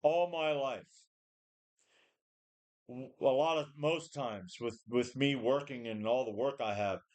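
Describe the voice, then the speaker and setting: A man's voice: medium pitch, slow pace, darkish tone. A tired, run-down man ranting in a rambling, profane way, often repeating and restarting. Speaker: home gym vlogger. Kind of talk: casual rant to camera.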